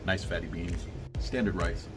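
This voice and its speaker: Low-voiced guy in his 40s, toy shop owner vlogging, hyped about every detail, loud music going behind. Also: fairly even intonation, moderate pace. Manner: enthusiastic, describes things in eager detail. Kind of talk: casual food and toy vlog. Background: loud background music.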